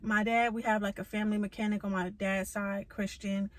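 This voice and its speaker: A woman's voice: medium pitch, level tone, moderate pace, no room sound, poor audio. A young woman telling a car-trouble story in a vlog, venting with profanity and emphatic rhetorical asides. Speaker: vlogger.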